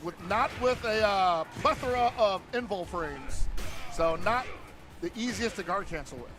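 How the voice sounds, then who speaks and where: Male color commentator from Northern California; very high pitch, slangy hype analysis. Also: animated, unhurried, music in the background. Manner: hype, slangy, exclaims loudly at big plays. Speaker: esports commentator. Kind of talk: fighting-game color commentary.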